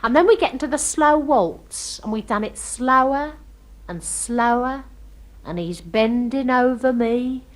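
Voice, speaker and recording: A woman's voice: a little high, a little slow, lightly acted. An actress playing a chatty, starry-eyed young working-class girl from London, telling a comic story with gossipy, ungrammatical speech. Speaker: comic monologue performer. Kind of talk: comic character monologue.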